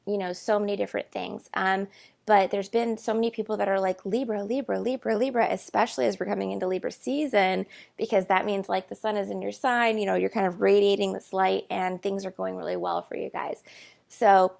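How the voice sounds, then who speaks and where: Gravelly-voiced woman giving a chatty tarot reading. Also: mid-range voice, flat delivery, a little fast, a little mellow. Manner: chatty, rambling, many fillers. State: tearful, emotional at times. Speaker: tarot reader. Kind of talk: casual spoken tarot reading. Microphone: earbuds microphone.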